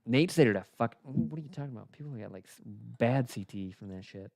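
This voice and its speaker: A man's voice: mid-range voice, brisk, creaky, a little mellow, dry recording, studio quality. A man co-hosting a podcast in casual chat, teasing and challenging his co-host with a lot of swearing.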